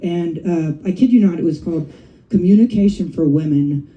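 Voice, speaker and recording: Doing her first stand-up set on a comedy club stage, a middle-aged woman talks in a lowish, brisk voice, chatty and profane, often ending lines with "right?" and "you know." The audio is dull, and the audience can be heard laughing and cheering.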